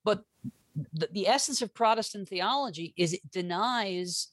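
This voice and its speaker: A man speaking as a guest historian in a casual interview, animated and joking, often restarting his sentences. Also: sits high, normal speed, no echo.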